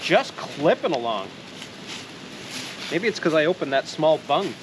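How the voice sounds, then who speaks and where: Out in the woods at a sap boil, a Canadian man vlogs in a high, very animated voice at a slightly slow pace. Rambling and joking, he laughs often and curses casually against a noisy background.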